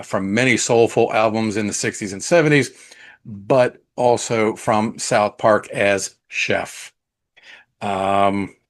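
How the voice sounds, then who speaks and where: Man, lowish voice, podcast host, casual chat, enthusiastic, swears a lot. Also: fairly bright tone. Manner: chatty, profane, enthusiastic, with fillers. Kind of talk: casual solo movie talk.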